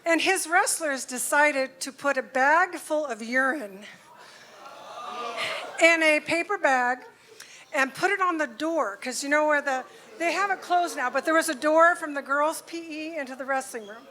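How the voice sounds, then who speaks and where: Woman, high pitch, bright tone, party guest, teasing anecdote. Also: measured pace. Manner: laughing as she tells it. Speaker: former cheer coach, guest.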